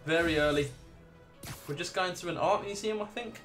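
Guy streaming a game, cursing and laughing with chat, kinda high voice, faint music behind. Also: fast, a bit bright. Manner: profane, laughing reactions while chatting with viewers. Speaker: gaming livestreamer. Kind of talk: casual let's play commentary.

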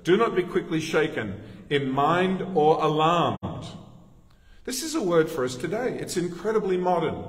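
An Australian pastor delivers a conversational sermon and talks directly to his congregation. His voice sits a little high for a man. He is recorded from across a large church, so the sound is roomy, with a long echo. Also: lively intonation, normal speed. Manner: conversational preaching with asides and laughter. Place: church sanctuary. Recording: echoey church hall, distant mic.

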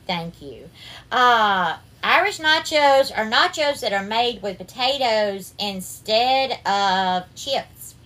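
A woman's voice: high voice, pushed and bright, a little hiss or hum. A woman with a Southern US accent hosting a casual cooking livestream, greeting viewers by name and calling them darling and sweetheart. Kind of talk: casual live-stream cooking chat.

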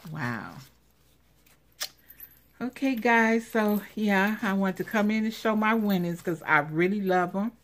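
A woman's voice: mid-range voice, animated, takes it slowly, long pauses. A woman vlogger unboxing craft supplies in casual commentary, gushing and exclaiming over each item. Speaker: craft vlogger showing giveaway prize.

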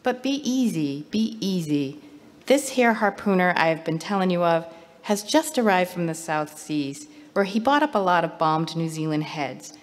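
A woman voicing an old male innkeeper with a slow rustic drawl, recorded in a reverberant hall. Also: lowish voice, lively intonation, close to an everyday voice. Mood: easygoing.

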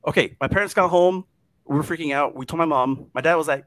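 Male guest, casual storyteller, lively then hushed, dry mic sound. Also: on the high side, fast, no echo. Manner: animated, drops to hushed tones at scary parts. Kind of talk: casual chat, telling a ghost story.

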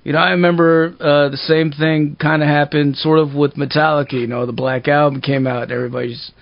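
A man in his forties hosting an interview, chatting in a relaxed and agreeable way and swearing freely. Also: fairly high pitch, a little fast, no room sound, lo-fi sound. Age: 40s. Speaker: show host. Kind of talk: casual interview chat.

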